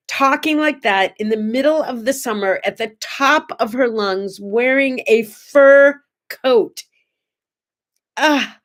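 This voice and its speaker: A woman hosting a casual morning show, telling anecdotes in a chatty, animated way with playful asides. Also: medium pitch. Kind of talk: casual chat and storytelling.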